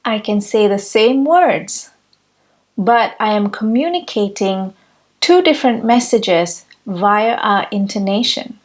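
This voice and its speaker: A woman giving a reflective spiritual teaching talk, with measured, deliberate phrasing. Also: medium pitch, expressive. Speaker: spiritual speaker.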